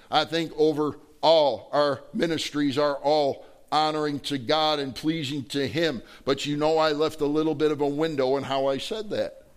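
A man, a pastor delivering a sermon in a folksy, animated way with lots of repetition. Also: mid-range voice.

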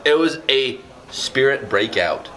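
A man's voice: medium pitch, animated, measured pace, noisy background. A man from southeastern Utah chatting casually on a podcast, laid-back and joking with playful asides. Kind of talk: casual chat.

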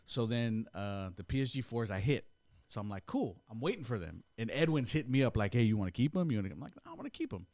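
Chatting casually as a podcast co-host, a young man tells an animated story and performs each quote. He talks fast in a mid-range voice, and there's no room sound.

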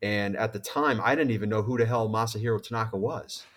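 A man in his forties from Connecticut, a podcast guest telling a story in a casual, animated and profane way. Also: lowish voice, quick pace. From Connecticut, USA. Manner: animated, profane, acts out quoted dialogue. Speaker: podcast guest, former pro baseball player.

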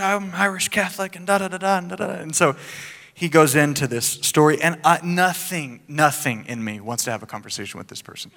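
A man preaching as pastor, telling a personal story in an animated, joking way with laughs and asides. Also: on the high side, long reverb tail. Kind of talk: sermon.

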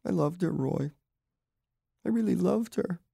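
A man's voice: sits high, unhurried, vocal fry, warm tone, breathy edge, no room sound, studio quality, voice pushed up, full character voice. A man voicing a grieving woman neighbor, tearful and fierce, in a story reading. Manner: tearful, choked, pleading.

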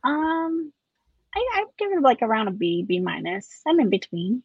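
Husky-voiced woman panelist, muffled mic. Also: a little high, moderate pace, no echo. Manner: calm, analytical explanations. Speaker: podcast panelist. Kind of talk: casual chat.

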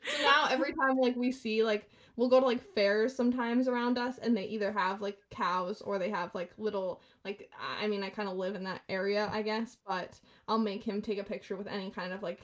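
A woman in her twenties telling a story in a casual podcast chat, talking fast and animated, laughing and acting out quotes. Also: medium pitch.

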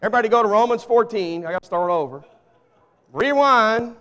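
Southern US pastor, fairly high voice, jokey and folksy with the crowd, long hall reverb. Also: male voice, animated, brisk, a bit bright. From Southern US (Arkansas). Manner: folksy, jokey, talks straight to the congregation. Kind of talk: humorous sermon. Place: church sanctuary with a live congregation.

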